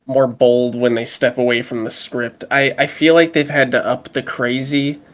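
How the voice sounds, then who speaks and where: A man co-hosts a podcast in relaxed, casual conversation. He jokes and swears freely in a laid-back way. His voice sits at an ordinary middle pitch. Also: normal speed. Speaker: podcast co-host. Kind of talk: casual chat.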